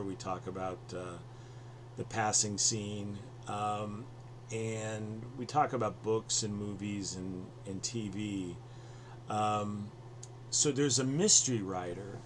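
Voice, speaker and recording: A man's voice: fairly low pitch, slight background noise. A man hosting a podcast over a video call, rambling with many fillers and restarts. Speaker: podcast host.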